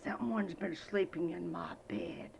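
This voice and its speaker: A woman voicing a big, gruff father bear in a bedtime story, in a low, booming manner. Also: very animated, a little slow, a little mellow, slight background noise, exaggerated voice.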